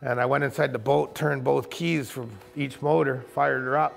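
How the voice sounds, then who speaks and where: This first-person story comes from a man who runs a kayak camp and tour boat, told vividly and colloquially with quick asides. He speaks in a medium, creaky voice with fairly even intonation.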